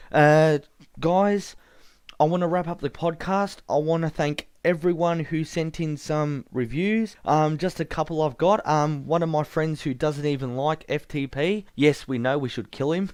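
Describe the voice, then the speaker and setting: Chatty male podcast host, smooth voice. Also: mid-range voice, normal speed, dry recording. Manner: chatty, with frequent ums. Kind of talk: casual podcast presenting.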